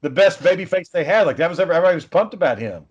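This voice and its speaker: A man's voice: a little high, expressive, rapid-fire, husky. A middle-aged man co-hosting a podcast, telling stories in casual, profane chat. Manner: profane, rambling storyteller. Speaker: podcast co-host. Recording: dull lo-fi recording.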